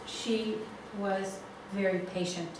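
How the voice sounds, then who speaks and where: A woman leading a family constellation seminar, telling a case story slowly with many restarts. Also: medium pitch, fairly even intonation, background noise. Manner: slow, halting storytelling with restarts. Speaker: seminar facilitator. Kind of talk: guiding a family constellation exercise. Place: seminar room. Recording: echoey room, far from mic.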